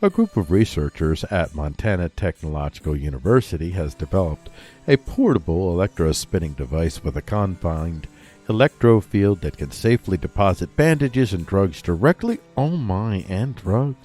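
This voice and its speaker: A man's voice: sits low, expressive, normal speed, dark tone, soft background music. A man hosting a casual comedy news show, reading stories aloud and breaking off into rambling jokey asides and talking to himself. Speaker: podcast host reading news.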